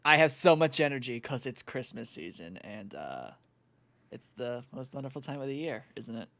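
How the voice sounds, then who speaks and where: A man's voice: mid-range voice, sing-song, moderate pace, a bit bright. A young man co-hosting a podcast, chatting casually, laughing and swearing freely. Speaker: podcast co-host. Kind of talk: casual chat.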